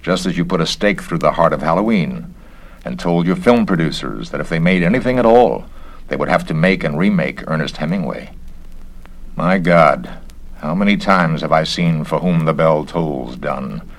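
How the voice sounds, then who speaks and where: A man's voice: very deep voice, expressive, moderate pace, full character voice. A man reading a story aloud, voicing a bitter, scheming male mansion owner with sardonic, theatrical delivery.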